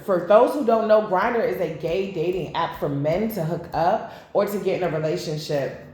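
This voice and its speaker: A woman's voice: on the low side, normal speed, a little mellow. A woman giving a casual tarot reading to camera, blunt and profane, drifting into rambling asides. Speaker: tarot reader. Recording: very echoey room.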